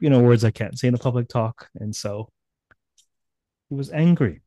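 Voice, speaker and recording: Guy lecturing at a seminar, retells the myth with big swings up and down, mellow dark voice, dry sound. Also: medium pitch, normal speed, pauses often, dry recording. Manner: lively, acts out the gods' voices with sudden loud bursts. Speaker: seminar speaker. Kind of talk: animated storytelling lecture. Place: online seminar.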